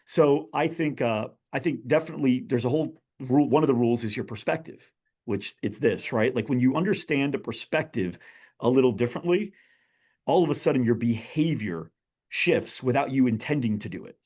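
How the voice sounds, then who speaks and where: Animated male storyteller on a podcast. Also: medium pitch, a little fast, husky. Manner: animated storyteller who addresses his listeners directly. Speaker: guest, business author.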